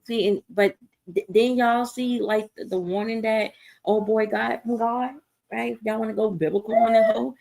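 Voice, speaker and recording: A woman with a slightly low voice, ranting bluntly and with plenty of swearing into her computer mic during a casual livestream. She reads out viewer comments and answers them, and often stops and restarts her sentences as she goes. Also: darkish tone, low-quality recording. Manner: blunt, profane, fast rants with repeated restarts. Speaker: livestream host. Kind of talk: casual unscripted livestream talk.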